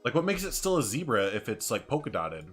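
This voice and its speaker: A man's voice: medium pitch, sing-song, brisk, a bit bright, soft background music. A man chatting casually on a live game stream, joking with viewers and laughing often.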